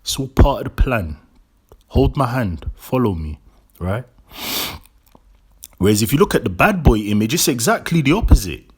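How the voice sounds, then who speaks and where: A man's voice: mid-range voice, very animated, slightly rough. A man lecturing the camera in a sermon-like monologue, drawing out his slogans and repeating them for weight. His voice sits in a mid register and he checks in with rhetorical tags. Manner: rhetorical, repeats lines slowly for emphasis; tags statements with "right?". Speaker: vlog host.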